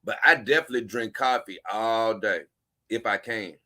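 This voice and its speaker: A man's voice: on the low side, normal speed, bright, forceful tone. A man, hosting a casual show, rambling and chuckling as he reads posts aloud to his viewers. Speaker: host.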